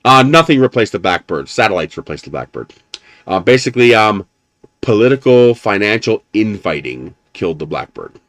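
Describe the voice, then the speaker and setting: A man's voice: on the low side, sing-song, normal speed, fairly bright tone, no room sound. A man live streaming, chatting casually and telling rambling stories, swearing now and then and chuckling often. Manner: chuckles often while talking. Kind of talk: casual chat.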